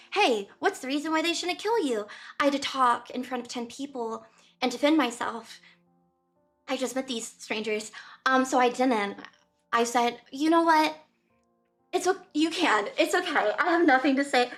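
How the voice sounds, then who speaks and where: A young woman streamer casually telling a rambling story to her chat, full of fillers and acted-out quotes. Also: sits high. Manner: rambling, lots of fillers and voiced quotes of others. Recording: lo-fi music playing softly behind.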